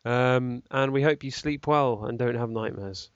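A man's voice: mid-range voice, unhurried, hardly any pauses, muffled recording, a little hiss or hum. Rambling, jokey man hosting a podcast. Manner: rambling, jokey, laughs often. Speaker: podcast host. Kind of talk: casual podcast chat.

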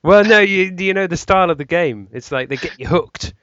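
A high-pitched young British man with lively intonation speaks fairly quickly and with a fairly bright tone. Co-hosting a casual tech podcast, he reads news items, joking and laughing frequently; the recording has no room sound and lacks high frequencies.

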